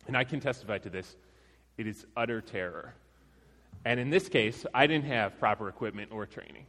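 A man's voice: medium pitch, fairly bright tone. Conversational male preacher in a big hall. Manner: conversational, self-deprecating, with laughs. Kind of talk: sermon with personal story. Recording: long reverb of a large hall.

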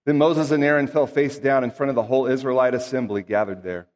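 A man's voice: mid-range voice, fairly even intonation, fast talker, darkish tone, long reverb tail. A man reading scripture aloud and then preaching in an earnest, conversational way with emphatic asides. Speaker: pastor.

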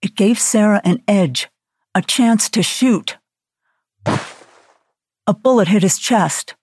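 A woman narrating an audiobook thriller in a steady, dramatic reading voice. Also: mid-range voice, slow, breathy edge, no room sound.

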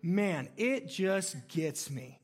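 A man in his thirties preaches to his congregation with a noticeably high voice. He talks casually and tells stories with animation, easing his points in with humor rather than thundering. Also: extremely slow. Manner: conversational, animated storytelling with laughs. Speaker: pastor. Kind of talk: sermon.

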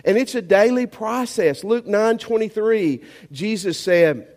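A man preaching a sermon as pastor, emphatic and animated, asking the congregation rhetorical questions. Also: high-pitched, a little slow, big-room sound.

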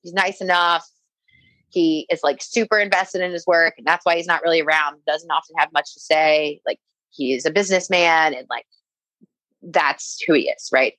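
A young woman recounts a personal story in casual conversation, her voice a little low and recorded dry and close. She leans on "like" constantly and acts out what people said to her. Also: normal speed, fairly bright tone, no echo, rough recording. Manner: frequent "like" fillers, quoting herself and others. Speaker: guest telling a personal story.

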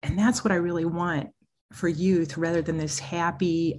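Woman, therapist and parent coach, interview, animated, earnest, emphatic, lowish voice. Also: moderate pace. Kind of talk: interview conversation.

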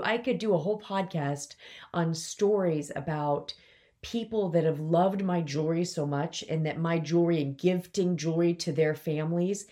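A woman's voice: fairly low pitch, a little mellow. A woman in her forties, a business coach hosting her own podcast, talking candidly and emotionally while trying not to cry. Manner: emotional, fighting back tears, candid. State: on the verge of tears. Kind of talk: personal solo podcast talk.

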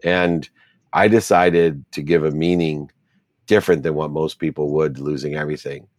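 A man's voice: rumbling low, steady tone, moderate pace, dry recording. A middle-aged man, an interview guest, telling his life story in an earnest, reflective way and stacking repeated phrases.

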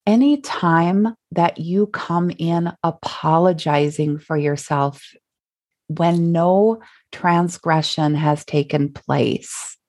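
A woman's voice: fairly low pitch, takes it slowly, darkish tone. A middle-aged woman from Minnesota with a Minnesotan accent, hosting her solo podcast in a reflective, chatty way with fillers and small laughs. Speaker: podcast host. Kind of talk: casual solo podcast talk.

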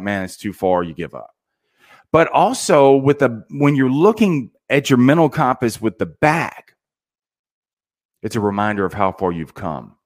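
A middle-aged man hosting a podcast, giving a casual motivational talk that keeps dropping "man" as he goes. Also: medium pitch. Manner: casual, animated, says "man" often. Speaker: podcast host.

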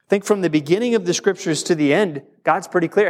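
A male pastor delivering a sermon in a slightly higher voice. He is emphatic and drags out key words for weight, with a quick, conversational pace between them.

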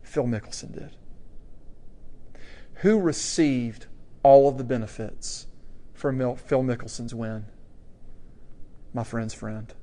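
A man preaching a sermon, telling a story with asides to the audience and swinging from hushed to loud. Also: medium pitch, slow, long pauses.

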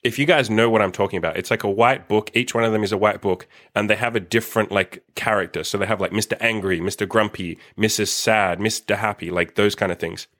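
A young man talks through a solo podcast in a casual, blunt way, cursing freely. His voice sits on the low side. He keeps slipping into little acted-out snippets of dialogue. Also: fairly even intonation, fast, few pauses, fairly bright tone. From Australia. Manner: blunt, swears freely, acts out quoted dialogue. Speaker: dating coach podcast host.

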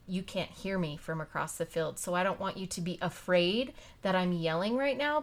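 Chatty woman host, lowish voice. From Utah, United States. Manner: chatty, rambling storytelling with frequent laughs. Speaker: podcast host and youth soccer coach. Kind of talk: casual interview chat.

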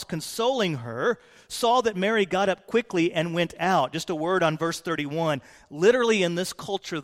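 A man's voice: sits high, fairly bright tone. A man pastor preaching a sermon, explaining scripture verse by verse in an earnest manner. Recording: long hall reverb.

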